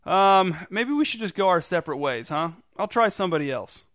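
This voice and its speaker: A man's voice: sits high, lively intonation, a little fast, fairly bright tone, no echo, clean studio sound, voice pushed up. A man voicing a hapless, overly polite would-be mugger who rambles nervously. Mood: awkward. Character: hapless, awkward young male would-be mugger.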